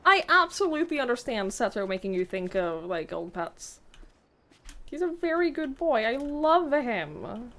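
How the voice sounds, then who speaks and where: A woman's voice: on the high side, big pitch swings, a little slow, bright, forceful tone. A young woman streaming a game, chatting in a rambling, giggly way and swearing casually. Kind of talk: casual chat while gaming.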